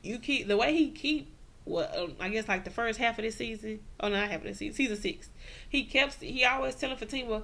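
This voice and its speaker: A woman's voice: a little high, brisk, vocal fry, a bit bright. A woman giving a casual, slangy TV recap, acting out the characters' lines and laughing often. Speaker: TV recap vlogger.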